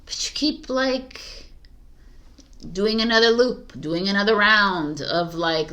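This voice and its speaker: A woman's voice: mid-range voice, slow pace, a bit bright. A woman giving a casual spoken tarot reading, chatty and encouraging, with frequent fillers and restarts. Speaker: tarot reader.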